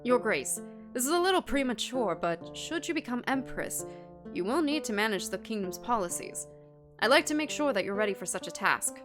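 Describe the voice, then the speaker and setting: A woman voicing a courteous male royal spymaster in a game, reading his lines in a formal, measured way. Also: fairly high pitch, big pitch swings, music in the background.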